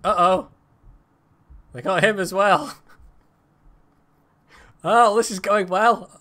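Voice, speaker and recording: A man's voice: sits high, fairly even intonation, slow pace, sharp tone. A man chatting, swearing and laughing as he commentates his own live gameplay. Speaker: streamer. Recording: noisy game audio behind.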